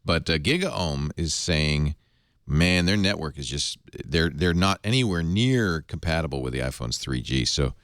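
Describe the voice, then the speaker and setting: A man's voice: very deep voice, animated, normal speed, fairly bright tone, clean tone, no echo, clean studio sound. A man hosting a tech podcast, chatting casually and reading an ad, jokey and laughing often. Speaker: podcast host. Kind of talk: casual tech podcast chat and host-read ad.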